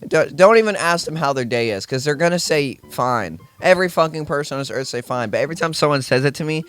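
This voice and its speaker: Brief: young male store worker, sarcastic profane rant to camera, slightly higher voice. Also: animated, quick pace, fairly bright tone, clean tone, soft background music. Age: young adult. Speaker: grocery store worker venting.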